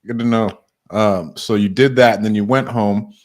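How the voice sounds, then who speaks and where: A man hosting a podcast, asking questions in a relaxed, slangy way. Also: fairly low pitch, normal speed. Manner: relaxed, friendly, slangy interviewer. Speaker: podcast host. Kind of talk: casual interview.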